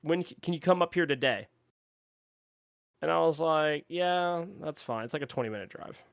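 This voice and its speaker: Young male co-host, fairly high voice, dry close mic, animated storyteller who acts out others. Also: normal speed, gravelly, dry recording. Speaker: podcast co-host. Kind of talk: casual storytelling chat.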